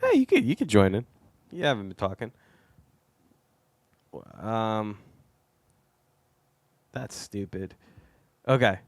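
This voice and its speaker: An animated man hosts a casual podcast chat and laughs often. His pitch swings widely as he talks. The sound is dry and close, with no room echo. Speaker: podcast host.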